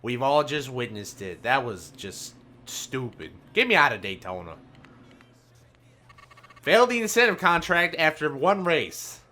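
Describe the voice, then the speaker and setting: A man giving live commentary on a racing game, grumbling and ranting, swinging from low muttering to loud outbursts. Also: big pitch swings, a little slow. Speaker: gaming video host. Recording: game engine noise behind voice. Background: racing game car sounds.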